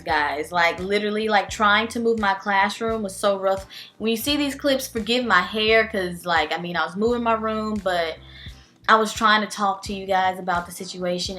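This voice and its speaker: A woman's voice: mid-range voice, a bit bright. A young adult woman, a teacher and vlogger, talking candidly and emotionally in a casual vlog, with many fillers. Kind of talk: casual vlog life update.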